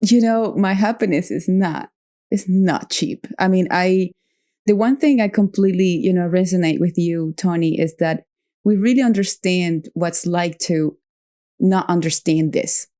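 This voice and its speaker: A woman's voice: lowish voice, unhurried, mellow. A woman hosting a podcast who talks reflectively, searches for her words and laughs easily. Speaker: podcast host. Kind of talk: reflective interview conversation.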